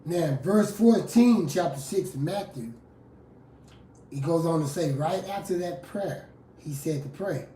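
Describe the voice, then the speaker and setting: A fiery street preacher in a confrontational live sermon. The voice drops low for scripture, then bursts out loud. It is recorded from well back from the mic, in a room with a strong echo. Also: unhurried, a little hiss or hum. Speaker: street preacher and rap artist. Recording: roomy echo from a distant mic.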